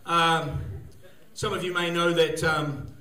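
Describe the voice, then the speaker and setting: A man's voice: fairly high pitch, level tone, takes it slowly, sharp tone. A man doing a rambling, crude stand-up set, laughing at his own jokes in front of a live crowd. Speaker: stand-up comedian. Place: comedy gig venue, live audience. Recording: echoey live venue.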